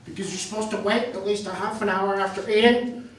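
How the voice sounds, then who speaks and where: On a comedy club stage, a man from Maine does a stand-up set, rambling and self-deprecating through his stories. His high voice is steady in tone and fairly quick. He's recorded from a distance in an echoey room, with audience laughter in the background.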